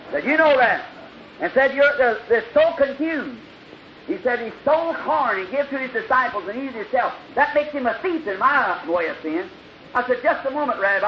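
A man preaching an old-time revival sermon, telling a story and acting out the dialogue, swinging from loud bursts to hushed lines. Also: extremely high pitch. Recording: dull lo-fi archival recording with hiss.

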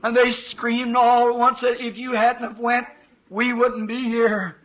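A man's voice: very high-pitched, flat delivery, unhurried, fairly bright tone, rough recording. A man preaching a sermon, telling a vision with emotional, fervent quoted dialogue.

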